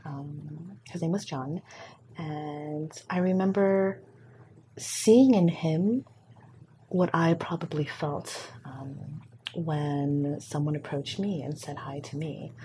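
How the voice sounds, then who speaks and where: Low, mellow-voiced woman telling her story. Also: a little hiss or hum. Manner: soft-spoken, reflective, with many fillers. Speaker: guest. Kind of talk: personal storytelling in conversation.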